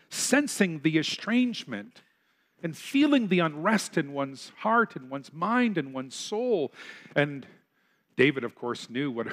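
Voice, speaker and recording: Male pastor, sermon delivery, earnest, rhetorical questions, slightly raised pitch. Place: church sanctuary.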